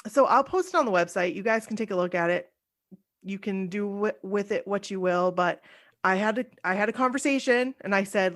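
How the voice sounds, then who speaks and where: Speaking fairly quickly in a mid-range voice, this podcast host, a woman in her forties, rambles through a personal story on her casual show. Her sentences run on and on, peppered with plenty of "like"s.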